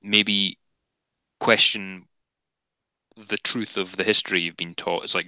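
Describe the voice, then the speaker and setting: Male co-host, very low pitch, bright edge, dry room, wry delivery. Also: steady tone, unhurried, pauses often, no echo, low-quality recording. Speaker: podcast co-host. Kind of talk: casual political chat.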